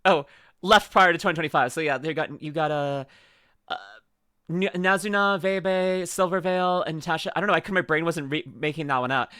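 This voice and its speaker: A man's voice: a little high, fairly quick, bright, forceful tone, clear, resonant tone, no echo, clean studio sound. A man streaming live, chatting casually and rambling playfully with lots of fillers while he reacts to a video.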